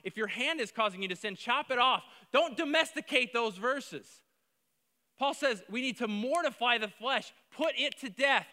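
Male pastor, high bright voice, emphatic sermon delivery with big loud-soft swings, long hall reverb. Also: lively intonation, normal speed.

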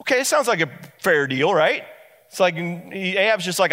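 A man preaching a sermon, retelling a Bible story in a lively way and acting out the characters. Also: high voice, moderate pace, big-room sound. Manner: animated storytelling, acts out the characters.

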